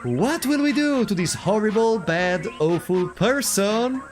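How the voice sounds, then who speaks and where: A gloating game-show host runs a cruel program, teasing and savoring every word at an unhurried pace. The pitch leaps all over as he performs for his audience. Game music plays behind, a man reading the part aloud. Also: expressive. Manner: taunting, theatrical, mock-cheerful.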